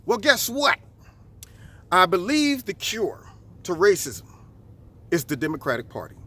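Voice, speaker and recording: Vlog host, high-pitched man, animated and preachy monologue outdoors. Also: measured pace. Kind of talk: political commentary monologue. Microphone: camera recording himself.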